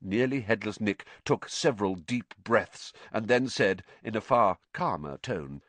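A man with a somewhat low voice narrates an audiobook, his pitch ranging lively over the lines. He tells the story expressively. The recording is dry and close-miked. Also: measured pace, hardly any pauses, no room sound. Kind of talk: scripted narration.

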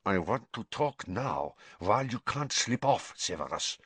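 A nervous, agitated headmaster, put on by a man reading aloud, pressing his point urgently. He mutters as though trying not to move his lips, and his voice sits slightly apart, a touch slower and more distant. It's recorded dry and close. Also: lowish voice, big pitch swings, fairly bright tone, husky, no echo, exaggerated voice. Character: agitated, worried male headmaster, whispering urgently.

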